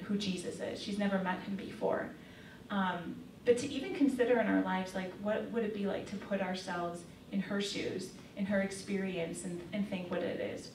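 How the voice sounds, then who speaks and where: A woman's voice: medium pitch, a little mellow, slight background noise. A woman giving a casual faith talk to young women, telling a story in a chatty way with lots of fillers. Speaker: speaker. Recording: echoey room, mic far off.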